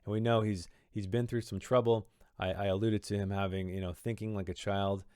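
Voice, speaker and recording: Speaking on the low side with little pitch movement, a little fast, and a slightly mellow, clean tone, a man reflects on a story he authored. The studio-quality audio has no echo. He explains his choices thoughtfully but rambles, restarting many times.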